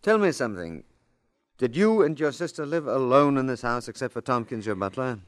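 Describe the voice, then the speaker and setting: An actor playing a calm, authoritative police detective who questions people in a measured way in a 1940s radio drama. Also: male voice, mid-range voice, dry recording, studio quality, lightly acted. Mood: probing.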